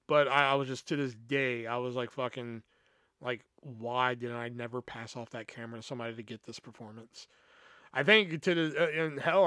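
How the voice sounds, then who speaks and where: A young man hosting a podcast, telling a rambling, profane story with lots of fillers and animated energy. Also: medium pitch, clear, resonant tone, no echo, studio quality. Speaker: podcast host. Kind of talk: casual storytelling.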